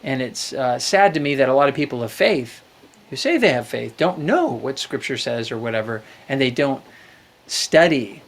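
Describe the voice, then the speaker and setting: A man's voice: medium pitch, animated, normal speed. Reflective male talk-show host. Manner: reflective, preachy, quotes scripture. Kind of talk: live call-in talk show chat.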